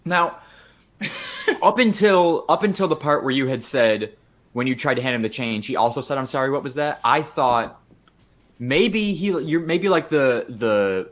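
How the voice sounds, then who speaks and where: A man's voice: mid-range voice, fairly bright tone. A young man hosting a casual podcast among friends, explaining the show's format in a laid-back way. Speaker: podcast host. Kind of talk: casual chat.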